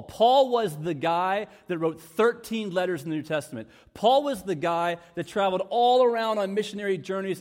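A man preaching a sermon with earnest conviction, often dropping into soft, hushed tones to stress a point. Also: high voice, long reverb tail. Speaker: pastor.

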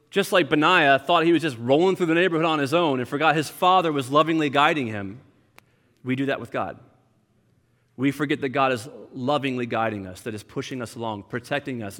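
A young male pastor with a fairly high voice preaches in a conversational, animated way. The long reverb of a church hall trails behind his words. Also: brisk. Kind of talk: sermon. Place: church sanctuary.

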